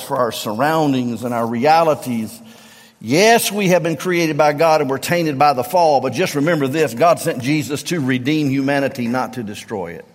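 Southern pastor preaching in an echoing hall. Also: male voice. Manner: emphatic preaching with repeated refrains, swinging from low to near-shouting. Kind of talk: sermon. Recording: long reverb of a large hall.

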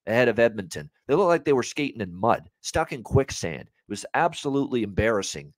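A man's voice: medium pitch, sing-song, brisk, no echo. A man co-hosting a sports betting podcast, ranting in heated, casual talk and swearing freely.

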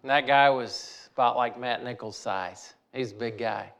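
Gravelly-voiced man telling a folksy story. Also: medium pitch, moderate pace, fairly bright tone. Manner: folksy, repeats phrases for emphasis. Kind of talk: personal storytelling.

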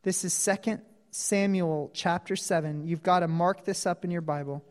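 A male preacher giving a sermon, telling a story earnestly with dramatic pauses. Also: high-pitched, steady tone. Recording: long hall reverb.

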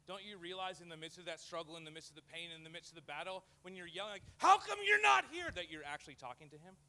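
A man preaching a sermon as pastor to a live church audience, lively and joking, acting out the voices he quotes. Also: fairly high pitch, rapid-fire, smooth.

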